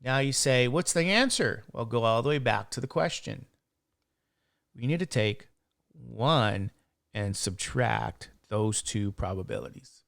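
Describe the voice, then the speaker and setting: A man's voice: on the low side, measured pace, creaky, a bit bright, no room sound, studio quality. A man teaching a statistics lecture, walking through a calculation and counting digits aloud step by step. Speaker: statistics instructor. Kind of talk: classroom lecture.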